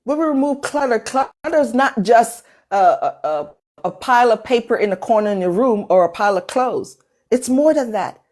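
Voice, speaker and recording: A woman's voice: a little high, expressive, normal speed, a little mellow. A middle-aged woman with an accent hosting a motivational talk on a live call, emphatic and preacherly, repeating phrases for effect. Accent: non-native English accent. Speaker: motivational speaker and workshop host.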